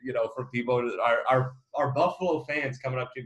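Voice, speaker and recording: This interview host, a company co-founder, talks quickly in a medium-pitched, slightly bright voice. He asks long, wandering questions packed with fillers, keeping the tone friendly and casual.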